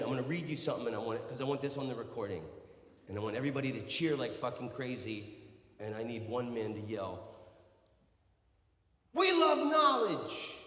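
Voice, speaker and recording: An American man doing live stand-up comedy, brash and profane, yelling to rouse the crowd. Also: mid-range voice. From United States. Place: stage in a large hall. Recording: roomy live hall reverb.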